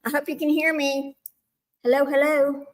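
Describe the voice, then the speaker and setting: Woman livestream host, higher-pitched, chatty, talks straight to viewers, mutters asides. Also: level tone, moderate pace. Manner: flustered with tech, muttering asides. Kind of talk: casual livestream chat. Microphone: small microphone.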